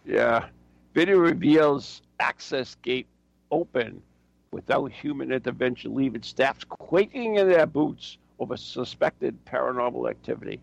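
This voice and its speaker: A man's voice: medium pitch, expressive, measured pace, vocal fry, no room sound, muffled recording. A man co-hosting a casual chat show, joking and rambling as he reads headlines. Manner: joking, rambling, laughs often. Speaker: podcast co-host.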